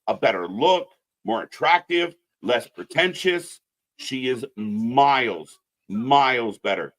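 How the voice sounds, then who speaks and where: A young man co-hosting a live wrestling stream, blunt and opinionated. He curses freely and rants about what he wants to see, and his voice sits at a middling pitch. His talk is loose, unscripted chat with friends. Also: fairly bright tone. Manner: blunt, profane, opinionated ranting. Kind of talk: casual live commentary chat.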